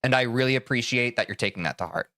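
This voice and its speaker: A young man streaming live, heated and swearing as he talks to his chat about boundaries, then calming into careful apologies. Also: medium pitch, fast, no echo, clean studio sound. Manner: heated, swears a lot, switches to calm apologies.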